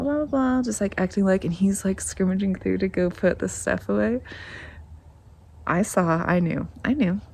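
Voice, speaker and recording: A woman in her thirties telling family stories to camera in a rambling, animated way, acting out what people said. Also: mid-range voice, gravelly, slight background noise. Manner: rambling, animated, acts out quotes, laughs often. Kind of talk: casual storytelling to camera.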